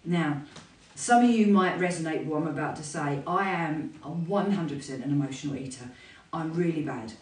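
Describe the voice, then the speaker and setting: A woman's voice: low-pitched, a little fast. A woman in her fifties talks openly and with animation, the way a fitness instructor chats to her followers. Her voice sounds a little far off in an echoey room. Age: 50s. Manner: chatty, candid and animated. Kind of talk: casual talk to camera. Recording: roomy, voice from a distance.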